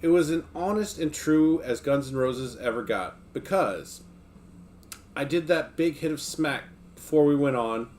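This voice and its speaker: Easygoing guy on a stream, kinda high voice, reading a book out loud and joking with chat. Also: expressive, unhurried, slight background noise. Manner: laid-back, joking, talks to chat between passages.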